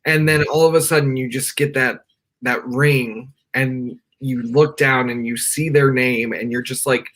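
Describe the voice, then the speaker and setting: His voice is medium-pitched, steady, unhurried and fairly bright. The young man, a podcast guest, is on a remote call from his bedroom, telling a personal story in a live interview with earnest, rambling candor and frequent "like" fillers.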